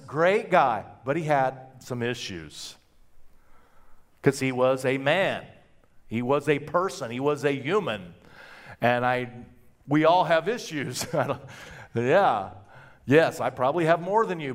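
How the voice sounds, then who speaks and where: A man's voice: lively intonation, unhurried. A male pastor preaching a sermon, telling the story in a folksy, conversational way and acting out the quotes. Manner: folksy storytelling with acted-out quotes and big pitch swings.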